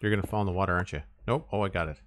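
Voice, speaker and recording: A man with a low voice talks casually over his gameplay, half to himself and half to his viewers. He mumbles and trails off with filler words as he works. A faint hiss and clicking sit under the voice. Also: racing. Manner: thinks aloud, mumbles, trails off with "uh". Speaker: streamer building in a survival game.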